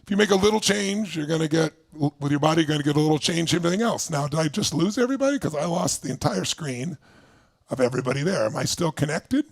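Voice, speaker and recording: Raspy, high, lively-voiced motivational man. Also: no echo, clean studio sound. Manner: emphatic, leads exercises with rapid questions, swings from loud to low. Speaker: motivational speaker. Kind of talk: energetic coaching talk to an online audience. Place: indoors, streaming to a video call audience.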